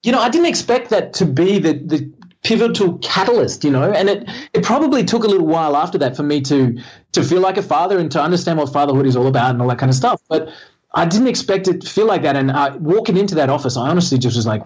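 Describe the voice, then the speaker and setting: Husky man telling his story. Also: on the high side, animated, quick pace, a little mellow. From Australia. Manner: candid, self-deprecating, rambling with restarts. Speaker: guest entrepreneur. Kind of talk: casual interview storytelling. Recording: slightly muffled lo-fi audio.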